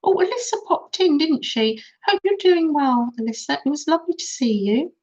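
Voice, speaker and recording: A woman's voice: high-pitched, expressive, moderate pace, darkish tone. Chatty, giggly woman crafter. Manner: chatty, giggly, talks to viewers while working. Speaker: crafting live-stream host. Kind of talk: casual crafting tutorial chat. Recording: dull lo-fi sound.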